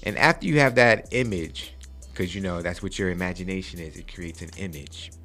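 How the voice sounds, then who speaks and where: A man in his forties with a lowish voice hosts a casual podcast. He gives preachy motivational speeches, checking in with a repeated "okay?". Faint music plays behind him. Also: fairly quick, sharp tone. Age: 40s. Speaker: podcast host.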